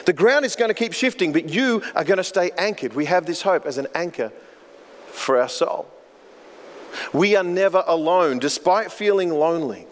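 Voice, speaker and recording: A man's voice: sits high, lively intonation, normal speed, a little hiss or hum. A man preaching a sermon as pastor, earnest and storytelling, often repeating words as he goes. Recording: long hall reverb.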